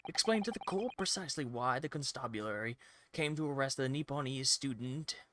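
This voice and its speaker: A man voicing a haughty aristocratic prosecutor, reading slowly and theatrically over game music. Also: medium pitch, lively intonation, background noise, close to an everyday voice. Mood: disdainful.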